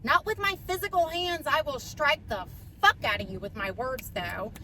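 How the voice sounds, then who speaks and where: A woman's voice: high voice, moderate pace, background noise. A middle-aged woman, a podcast guest, telling a personal story in a blunt, profane, fired-up way.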